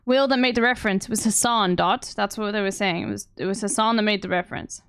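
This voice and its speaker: A woman's voice: medium pitch, fast talker, a bit bright, clean tone, no echo, studio quality. A woman streamer chatting to her viewers while reacting to a podcast, often tagging "okay?" onto her sentences. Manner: chatty, talks to her chat with repeated "okay?". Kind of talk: casual reaction commentary.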